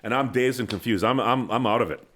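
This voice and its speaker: A middle-aged former hockey coach telling a lively anecdote as a guest on a podcast, laughing at his own story and acting out what people said, into a studio microphone. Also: medium pitch, fast talker, a little hiss or hum. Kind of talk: animated storytelling.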